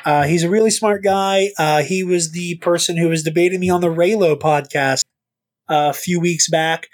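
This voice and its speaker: A man's voice: fairly high pitch, steady tone, normal speed. Guy rambling on a podcast, lots of stammers and restarts, swears casually. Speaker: podcast host.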